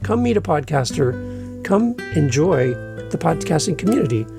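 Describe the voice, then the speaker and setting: A man hosting a solo podcast, giving energetic, playful advice and sometimes mimicking listeners in silly voices. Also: a little high, moderate pace, gravelly, over music. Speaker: podcast host.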